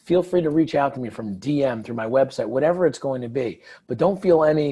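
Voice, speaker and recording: Husky man telling lively stories. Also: mid-range voice, brisk. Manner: animated storyteller, acts out quoted dialogue. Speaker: guest, author. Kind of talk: conversational interview.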